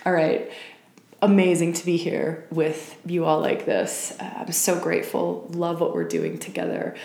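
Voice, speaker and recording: A woman's voice: on the low side, very animated, unhurried, vocal fry, mellow, roomy sound. A woman hosting a spiritual podcast, talking casually and with passion, swearing now and then and voicing prayers aloud.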